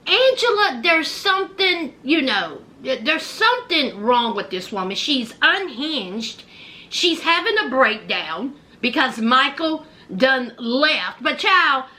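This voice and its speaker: A woman vlogger giving loud, animated gossip commentary and calling viewers child and honey. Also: sits high, takes it slowly.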